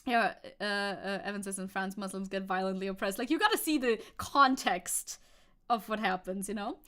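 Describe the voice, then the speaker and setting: A woman's voice: mid-range voice, fairly bright tone. A woman streaming live, chatting casually and reading news and chat messages aloud, opinionated, swearing casually and laughing often. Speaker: VTuber streamer.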